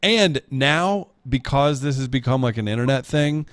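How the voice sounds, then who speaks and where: A man's voice: mid-range voice, animated, normal speed, dry recording, studio quality. A young adult man co-hosting a casual podcast, reading audience questions with wry jokes. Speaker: co-host.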